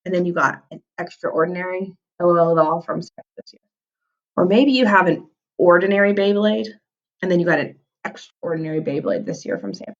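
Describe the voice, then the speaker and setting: A woman's voice: fairly low pitch, moderate pace, a bit bright, lo-fi sound. A woman teaching a vocabulary lesson to young children, stretching out key words for emphasis.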